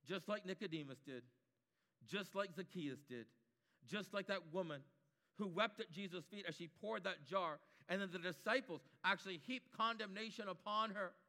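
A man's voice: high-pitched, normal speed, bright, forceful tone, long reverb tail. A man preaching a sermon, building his points through emphatic repetition.

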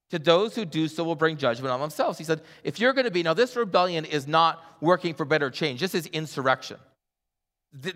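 Animated pastor in a echoing hall. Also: male voice, fairly high pitch. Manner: animated, acts out voices in his stories. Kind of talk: sermon. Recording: long hall reverb.

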